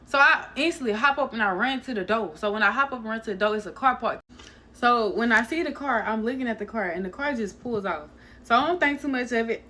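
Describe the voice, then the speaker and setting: A woman's voice: mid-range voice, pushed and bright. A young adult woman, a hairstylist, telling a long storytime to her viewers in a loose, chatty way, swearing and calling them y'all. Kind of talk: casual storytime vlog.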